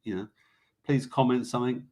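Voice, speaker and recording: A man's voice: medium pitch, steady tone, a little fast, a little mellow. A man hosting a casual live show, rambling through viewer comments and news items in an offhand, swearing way. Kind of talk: casual livestream chat.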